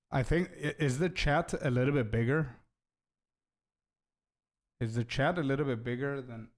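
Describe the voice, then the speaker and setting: A man's voice: medium pitch, measured pace, pauses often. A young man streaming, chatting casually with his viewers and thanking donors. He laughs often, stumbles into restarts, and keeps calling people bro and dude.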